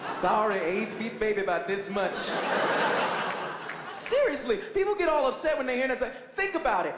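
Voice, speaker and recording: Animated high-voiced male comic. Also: moderate pace, very noisy. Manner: animated, swooping into high-pitched exclamations. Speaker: stand-up comedian. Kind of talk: stand-up comedy set. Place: comedy stage before live audience. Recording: echoey live room, loud audience ambience.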